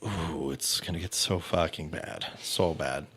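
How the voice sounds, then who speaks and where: A man's voice: a bass voice, measured pace, fairly bright tone, slight background noise. A man hosting a true-crime comedy podcast, joking casually and laughing often. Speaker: podcast host.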